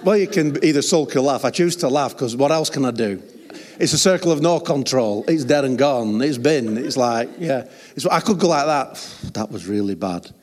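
A man's voice: medium pitch, moderate pace, a little mellow. A man preaching a sermon, telling stories with humor and chatty asides. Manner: humorous, chatty storytelling with laughs. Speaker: pastor. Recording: long hall reverb.

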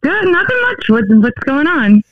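A caller on a call-in show, answering in a polite, measured way. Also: high-pitched, big pitch swings. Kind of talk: call-in phone chat. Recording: tinny phone line.

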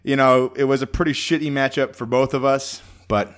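A man chatting casually on a podcast, telling an animated fantasy football story and swearing freely. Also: mid-range voice, fairly quick, clean tone. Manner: animated storytelling, acts out his own shouts. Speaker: fantasy football league member.

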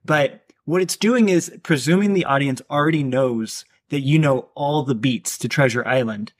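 A man's voice: medium pitch, normal speed. A man co-hosting a podcast, talking casually about a film and thinking aloud with many restarts. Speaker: podcast co-host.

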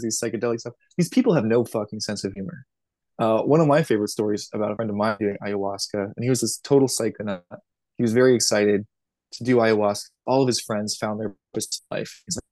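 A man's voice: on the low side, fast, darkish tone, no room sound. Laid-back swearing male podcast guest. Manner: casual, laughing, swears freely. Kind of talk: casual podcast conversation.

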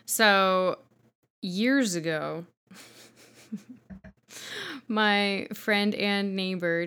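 Slow-talking woman podcaster, frank and rambling. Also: lowish voice, fairly bright tone, clear, resonant tone. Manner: rambling, frank, swears casually. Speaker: podcast co-host. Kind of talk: casual chat over wine.

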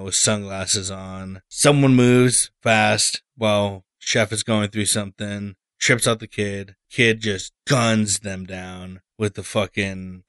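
A man with a low voice talks through a film on a podcast, loose and profane, full of "like" and "you know." The sound is dry and close, with almost no room around him. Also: fairly bright tone, smooth, no room sound. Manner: loose and profane, retelling scenes with lots of fillers. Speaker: podcast co-host. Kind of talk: casual movie discussion.

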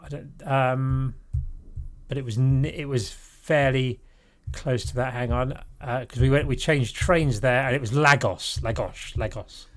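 A man's voice: mid-range voice, fairly even intonation, measured pace. A middle-aged man casually telling a rambling story on a podcast, correcting himself as he goes and breaking into laughter.

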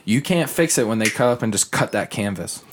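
A man's voice: lowish voice, fairly quick, slight background noise. A young man chatting casually on a podcast, telling a story with lots of swearing and acted-out quotes. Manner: animated, profane, acts out quotes. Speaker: podcast host.

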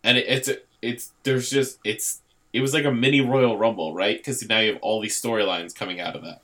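A man's voice: on the low side, fairly even intonation, fairly quick, fairly bright tone. A man co-hosting a casual podcast chat, agreeable and easygoing as he breaks things down. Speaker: podcast co-host.

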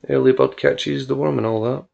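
A young farm woman stays cool and teasing, her lines soft and unbothered, read by a man. The voice carries a gravelly edge. The recording sounds dull and lo-fi. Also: medium pitch, steady tone, normal speed. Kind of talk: audiobook character reading.

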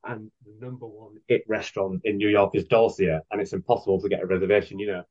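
A man's voice: lowish voice, steady tone, quick pace, a little mellow. A man in his thirties, a guest author, chatting casually and enthusiastically with many fillers on a podcast. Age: 30s. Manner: rambling, filler-heavy, enthusiastic. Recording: dull lo-fi podcast audio.

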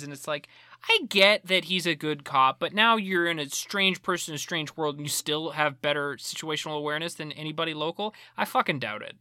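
A man's voice: on the high side, normal speed, bright, forceful tone, clean tone, no echo, clean studio sound. A man co-hosting a podcast, recapping a movie with sarcastic disbelief and casual swearing. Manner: sarcastic, incredulous, swears freely. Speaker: podcast co-host.

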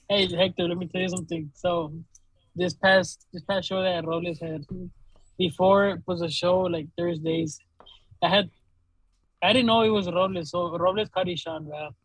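A young man from Laredo, Texas, a DJ and podcast co-host, has a high, husky voice. He's animated in casual storytelling chat, swearing a lot and laughing as he tells stories, in a rough recording with no echo.

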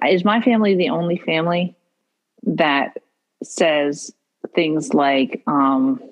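A woman's voice: deep voice, poor audio. A middle-aged woman in casual chat, rambling and correcting herself as she talks. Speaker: podcast co-host.

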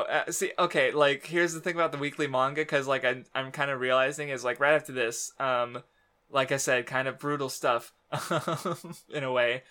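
Bright-voiced man rambling about comics. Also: medium pitch, clean tone. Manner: rambling, filler-heavy, laughs often, swears. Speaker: podcast co-host. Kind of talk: casual chat about manga.

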